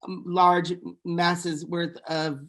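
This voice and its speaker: A young woman on a podcast, gossiping about reality TV in a blunt, animated way. She jumps between her own opinions and quick impressions of other people. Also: on the low side. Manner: blunt, animated, quotes people in put-on voices. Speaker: podcast co-host. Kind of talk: casual reality TV gossip chat.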